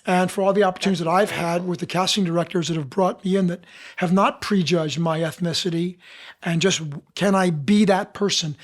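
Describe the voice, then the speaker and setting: A middle-aged man, an actor and dialect coach, telling stories as a podcast guest and acting out the people he quotes. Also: sits high. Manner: animated anecdotes, acts out quoted voices. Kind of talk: casual interview storytelling.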